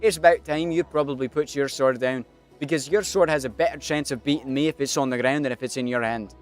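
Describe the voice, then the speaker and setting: A man's voice: medium pitch, fast talker, soft background music, voice pushed up, close to an everyday voice. A man putting on a brash Scottish swordsman. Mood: taunting. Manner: cocky, taunting. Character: boastful cowardly male swordsman, brash.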